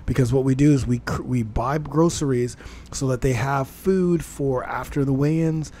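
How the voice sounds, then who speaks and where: A man's voice: mid-range voice, normal speed, warm tone. A man hosting a casual fitness podcast, telling stories animatedly and swearing freely. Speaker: podcast host. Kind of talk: casual chat. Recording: faint background noise.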